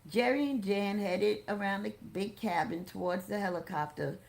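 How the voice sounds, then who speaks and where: A woman reading a memoir aloud as an audiobook, steady and unhurried. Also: mid-range voice, vocal fry. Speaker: audiobook reader.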